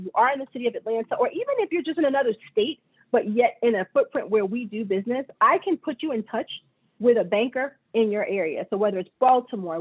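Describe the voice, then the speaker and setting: A woman's voice: a little high, husky. A woman presenter, a bank executive, giving friendly, chatty closing remarks over a video call. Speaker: bank vice president presenter. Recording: tinny call audio.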